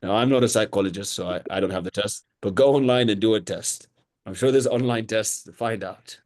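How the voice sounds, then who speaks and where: A man's voice: fairly low pitch, a little fast, a little mellow. A man coaching trainees in sales, blunt and mocking as he gives orders. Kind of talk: live sales coaching session.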